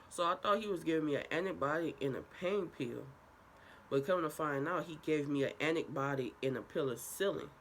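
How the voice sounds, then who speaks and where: A woman's voice: low-pitched, slight background noise. Young woman telling a profane story. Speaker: vlogger. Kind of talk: casual storytime.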